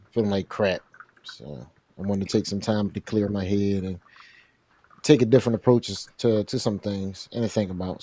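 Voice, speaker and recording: Laid-back, slangy man with a low, mellow voice. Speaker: guest co-host. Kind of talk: casual online show chat.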